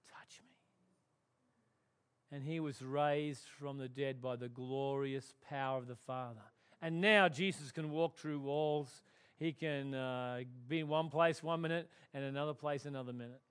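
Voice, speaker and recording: A man preaching a sermon, swinging from loud emphatic declarations to hushed, quiet tones. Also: mid-range voice, steady tone, normal speed, clear, resonant tone. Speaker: pastor.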